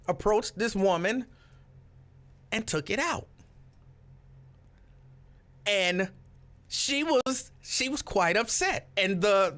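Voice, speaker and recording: A man hosting a live stream, chatting with viewers and telling a story in an animated, casual way. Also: sits high. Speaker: livestream host.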